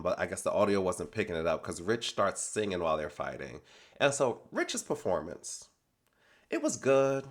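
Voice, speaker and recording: Man, lowish voice, for a sassy, animated reality TV recap vlog. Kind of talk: casual reality TV recap commentary.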